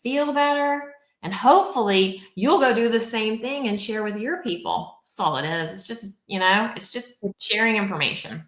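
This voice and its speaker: A woman guest in casual conversation, talking in an animated way and often tagging her points with "like" and "right?". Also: medium pitch, moderate pace, few pauses, reverberant. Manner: animated, acts out quoted people, peppers talk with "like" and "right?". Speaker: podcast guest.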